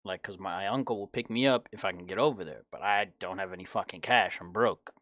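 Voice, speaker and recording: A young man in his twenties tells a long personal story in a blunt, animated way, with plenty of swearing. His voice sits a bit low, and the recording is dry and close with no room sound. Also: fairly quick, no echo. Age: 20s. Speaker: podcast host. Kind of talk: casual storytelling chat.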